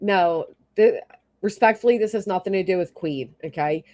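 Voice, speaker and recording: On her YouTube livestream, a woman with a mid-range, darkish voice rants at a moderate pace, angry and exasperated. She swears frequently and breaks off to read and thank commenters in her chat.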